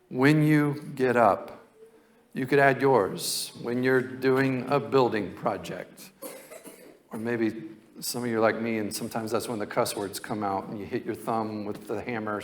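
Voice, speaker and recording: A male pastor preaching a sermon in a conversational, folksy storytelling way. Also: medium pitch.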